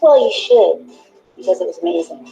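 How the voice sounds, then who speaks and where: A woman's voice: lowish voice, lively intonation, fairly quick, creaky, dark tone, highs cut off, soft background music. A woman playing a supportive friend in a film trailer, upbeat and encouraging.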